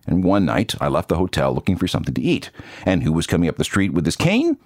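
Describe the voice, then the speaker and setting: A man's voice: low voice, huge pitch swings, fast talker, a little mellow, no room sound. A man hosting a podcast, telling music-industry stories in scripted narration with dry asides. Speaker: podcast host. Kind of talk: scripted radio-style narration.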